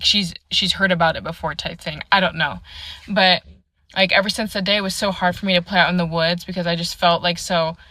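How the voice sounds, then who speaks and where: A woman's voice: on the low side, bright, forceful tone, no echo. A young woman telling a personal ghost story casually, rambling with many fillers into a close phone mic. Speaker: storyteller in a clip.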